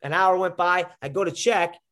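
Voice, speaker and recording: A young man with a somewhat high voice talks in a loose, rambling way. He fills his sentences with "like" and "you know" as he tells stories to a podcast host. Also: normal speed, pushed and bright. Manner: rambling, filler-heavy storytelling. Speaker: guest, former college wrestler. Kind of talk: casual conversation.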